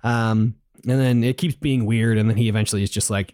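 A man co-hosts a podcast, recapping a video game in casual, rambling, playful chat and putting on goofy voices for the characters he quotes. His voice is on the low side, a little mellow, with fairly even intonation and a fairly quick pace, in a dry, clean studio recording.

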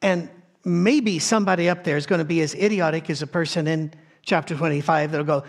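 Male pastor, mid-high voice, conversational sermon, storytelling, frequent restarts. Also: fairly even intonation, fairly quick. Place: soundstage.

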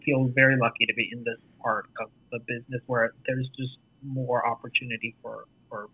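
A man with an American accent, an actor telling stories about his career in a casual interview, animated and acting out quoted voices. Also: mid-range voice, brisk, breathy edge. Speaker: actor and festival jury guest. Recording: tinny phone-like line.

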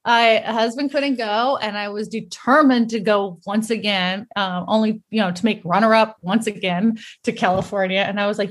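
A middle-aged woman from the United States, a guest in a casual interview, telling animated stories and laughing often. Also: on the high side, normal speed.

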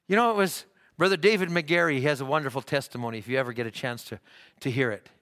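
A pastor preaching a sermon in church, rising to fervent shouts, with frequent halting restarts. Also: male voice, medium pitch.

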